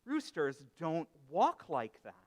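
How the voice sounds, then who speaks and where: A man's voice: a little high, huge pitch swings, slow pace, exaggerated voice. A man voicing a puzzled young prince who thinks he is a rooster, within a told story. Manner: puzzled, questioning. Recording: echoey hall reverb.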